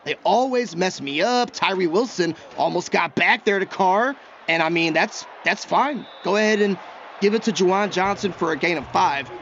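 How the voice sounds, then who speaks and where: Excitable male gameplay commentator, high voice, self-talk style; slightly muffled recording with faint background noise. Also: normal speed. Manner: chatty, excitable, talks to himself while he plays. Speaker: gaming YouTuber.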